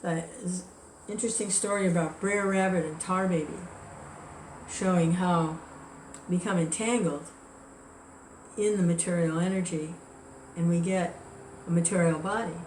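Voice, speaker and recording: A woman teaching a devotional scripture class, telling a story in a relaxed, chatty way. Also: on the low side, moderate pace, a little hiss or hum. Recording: echoey room with faint ambience.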